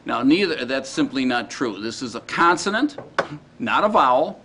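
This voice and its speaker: A man teaching a class in a casual, halting way, often checking in with his students. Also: medium pitch, big pitch swings, background noise. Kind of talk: classroom lecture.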